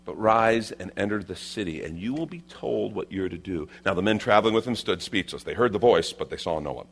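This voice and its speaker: A man preaching a sermon, swinging between loud, high emphasis and quiet, low asides. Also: expressive, fairly quick, vocal fry. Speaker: pastor.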